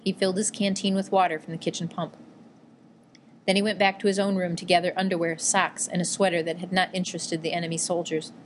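A woman narrating a novel aloud in a measured, even storytelling manner. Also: fairly low pitch, a little hiss or hum. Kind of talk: audiobook narration.

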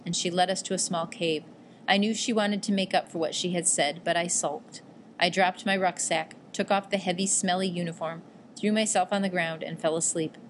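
Woman audiobook narrator, lower voice, steady scripted read, faint background noise. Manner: steady, even storytelling read.

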